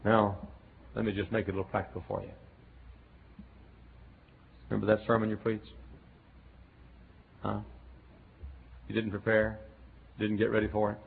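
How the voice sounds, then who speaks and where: A man preaching a folksy revival sermon that swings between quiet, chatty asides and loud shouting. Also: on the low side, monotone, moderate pace, creaky, long pauses, breathy edge. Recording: tinny lo-fi sermon tape.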